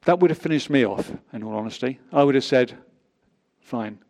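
A man's voice: medium pitch, moderate pace, darkish tone. A man preaching a sermon, reading scripture aloud with emphatic rises and drops.

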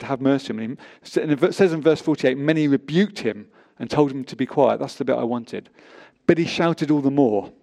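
A man's voice: mid-range voice, gravelly, a little mellow. A man preaching a sermon, reading scripture aloud with emphatic rises and drops.

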